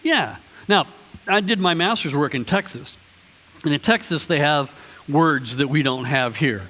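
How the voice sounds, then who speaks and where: Male pastor, higher voice, easygoing preaching, reverb from a big church hall. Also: expressive, unhurried, bright, forceful tone. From Ohio, US. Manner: conversational, chatty preaching with restarts and playful asides to the congregation. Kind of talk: sermon. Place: church sanctuary.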